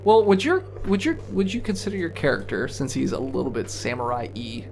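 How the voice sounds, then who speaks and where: A man's voice: mid-range voice, big pitch swings, brisk, creaky, darkish tone, slight background noise. A man running a tabletop game as game master, chatting in a joking, rambling way.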